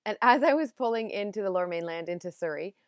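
A woman's voice: medium pitch, lively intonation, quick pace, no room sound, clean studio sound. A young woman hosting a podcast, telling a story in a chatty, self-deprecating way and laughing at herself. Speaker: podcast host. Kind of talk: casual storytelling monologue.

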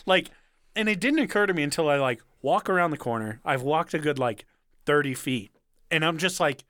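A man's voice: fairly high pitch, lively intonation, fairly quick, fairly bright tone, no echo, studio quality. A young man co-hosting a casual podcast, telling a story with lots of swearing, laughing and self-mockery. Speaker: podcast co-host.

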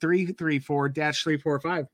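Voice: medium pitch, steady tone, measured pace, dry recording. A podcast co-host in easygoing casual chat, laughing often while walking through a TV episode.

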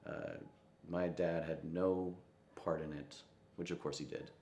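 A young man, a musician, telling a personal story in an interview, reflective and often quoting others in a soft voice. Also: deep voice, fairly even intonation, measured pace, reverberant, slight background noise. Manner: reflective, quotes voices with soft asides and laughs.

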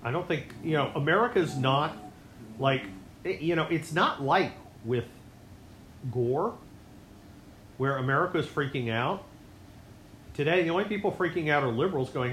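A man hosting his own show, delivering a rambling, sarcastic political monologue that swings between loud outbursts and low mutters. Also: animated, a little slow, long pauses, reverberant, slight background noise. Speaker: podcast host.

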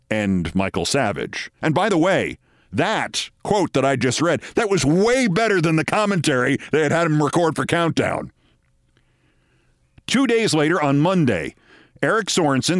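A man's voice: medium pitch, dry recording. Sardonic male commentary host, dry sound. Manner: sardonic, dryly theatrical storytelling. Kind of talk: sardonic special-comment monologue.

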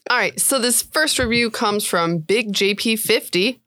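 A woman's voice: a little high, a little slow, bright, forceful tone. A woman co-hosting a tabletop game podcast, chatting playfully and reading out listener reviews.

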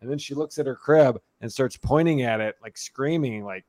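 A man's voice: mid-range voice, fast talker, few pauses. A man in his thirties telling funny stories about his toddler in a casual chat. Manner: animated storyteller, mimics a toddler's voice in quotes.

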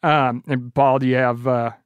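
A man's voice: mid-range voice, little pitch movement, moderate pace, clear, resonant tone, no room sound, narrow, tinny audio. A man in casual conversation, passing along what someone told him and bringing others in. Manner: relays quotes, hands the floor to others.

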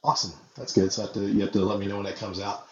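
Low-voiced male host in an echoey room. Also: very fast. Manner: relaxed, hesitant questioning with fillers. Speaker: podcast host. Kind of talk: casual interview. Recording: echoey, muffled, with crowd noise.

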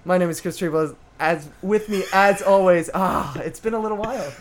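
A man's voice: high voice, fairly quick, hardly any pauses. A young adult man hosting a podcast in casual chat, enthusiastic and rambling, with lots of fillers and laughs. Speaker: podcast host.

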